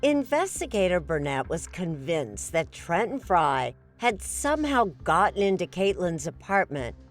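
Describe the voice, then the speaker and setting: Female news correspondent, low register, deliberate pacing, faint score underneath. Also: sing-song, faint music behind. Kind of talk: scripted true-crime narration and interviewing.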